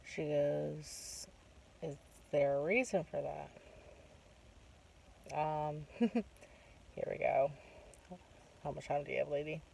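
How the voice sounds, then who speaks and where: A woman's voice: low-pitched, steady tone, slow, vocal fry, long pauses, mellow. A woman talking casually, retelling a job interview with many quoted asides and personal reflections. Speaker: vlogger. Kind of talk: casual storytelling monologue. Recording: distant mic with faint background noise.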